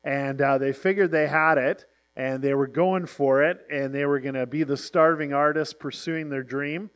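Animated man telling a music story. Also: fairly high pitch, moderate pace. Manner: animated, acts out quoted voices. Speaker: presenter. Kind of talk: storytelling talk.

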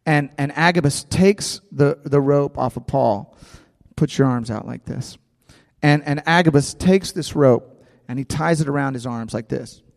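A man preaching a sermon, lively and repetitive, acting out a scripture scene with a volunteer. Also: medium pitch, unhurried, vocal fry. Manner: animated, repeats words, acts out scripture with a volunteer. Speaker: pastor. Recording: long hall reverb.

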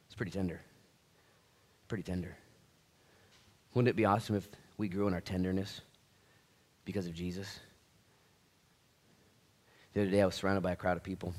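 Fervent low-voiced male pastor. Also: fairly even intonation, fairly quick, pauses often. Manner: fervent, swings from quiet reflection to loud rallying; conversational, with restarts and folksy asides. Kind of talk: sermon. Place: church.

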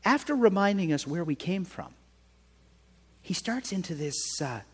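A man preaching a sermon in a conversational way, often checking in with his listeners with a quick "right?". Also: sits high, breathy edge, in a large hall. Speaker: pastor.

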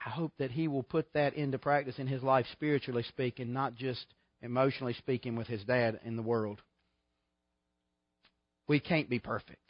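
A man's voice: medium pitch, fairly even intonation, moderate pace, dry recording, dull audio. A middle-aged man preaching a sermon in a folksy, emphatic way, full of rhetorical questions. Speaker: pastor.

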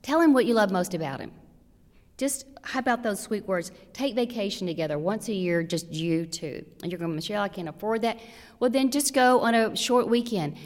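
A woman's voice: mid-range voice, expressive, normal speed, a little mellow. A woman giving practical marriage advice to a church audience, earnest and direct, full of rhetorical questions. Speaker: church women's speaker. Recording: long hall reverb.

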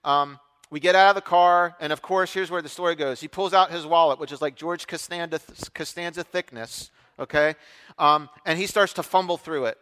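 Man, middle-aged, preacher, animated storytelling, bright forceful voice, long hall reverb. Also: fairly high pitch, normal speed, clear, resonant tone. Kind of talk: storytelling sermon.

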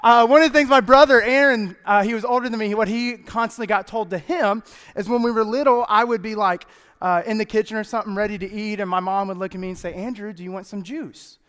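A man's voice: high-pitched, steady tone, fast, fairly bright tone, clean tone. A man preaching as a youth pastor in a church, chatty and playful, often laughing as he talks. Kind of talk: casual humorous sermon. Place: church sanctuary. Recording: echoey church hall.

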